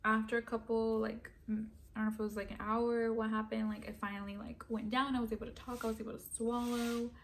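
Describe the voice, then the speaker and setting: A young woman telling a personal story in a casual, animated way, dropping to a whisper when she quotes herself. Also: fairly high pitch, fast talker. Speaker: vlogger.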